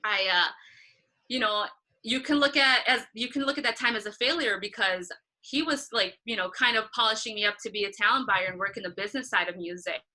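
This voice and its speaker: A woman's voice: a little fast, poor audio. A woman in her thirties being interviewed about her career as a concert photographer, telling stories with energy and acting out past conversations in a raised voice. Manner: animated storytelling, acting out past dialogue in a higher voice.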